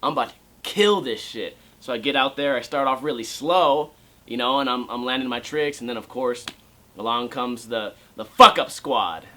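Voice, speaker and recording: A man's voice: mid-range voice, steady tone, normal speed, pushed and bright. A young man vlogging about skateboarding at home, ranting sarcastically and swearing, and he often mocks other people's voices. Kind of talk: casual ranting vlog.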